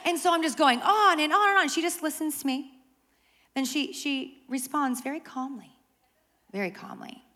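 A woman pastor preaching a sermon to a live congregation, animated and conversational with self-deprecating humor. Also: high-pitched, moderate pace. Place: church service with live audience.

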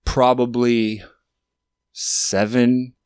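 Man, late thirties, podcast host, casual rambling chat, self-mocking, medium pitch, dry close mic. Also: level tone, drawn-out words, a little mellow, clean tone, no echo. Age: 30s. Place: studio.

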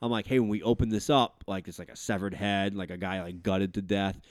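A man's voice: low voice, a little fast, no echo. A man in his thirties hosting a podcast, telling rambling family stories with lots of fillers and swearing. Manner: animated storyteller, swearing, many fillers. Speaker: podcast host. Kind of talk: casual chat.

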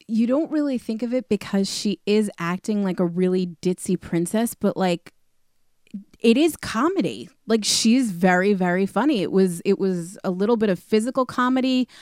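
A woman's voice: mid-range voice, darkish tone, clear, resonant tone, dry recording, studio quality. Enthusiastic woman chatting about films. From New York area. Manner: enthusiastic, conversational, fillers like "like" and "you know". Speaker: podcast co-host. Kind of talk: casual movie discussion.

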